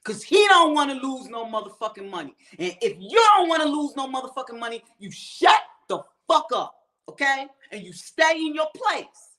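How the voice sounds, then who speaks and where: A woman's voice: high voice, big pitch swings, moderate pace, fairly bright tone. Fired-up woman host ranting at viewers. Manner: fired-up, profane, talks straight to viewers. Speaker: show host. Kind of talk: ranting commentary.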